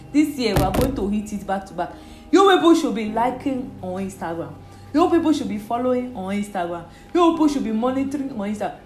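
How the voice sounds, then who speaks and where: Playful Nigerian woman podcasting in an echoey room. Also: mid-range voice. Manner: playful, chatty, jumps between loud bursts and quiet asides. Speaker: podcast host. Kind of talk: casual solo podcast chat.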